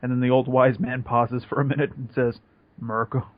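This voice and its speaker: Deadpan podcast man, lo-fi sound. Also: mid-range voice, a little fast. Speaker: podcast co-host. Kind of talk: casual comedic banter.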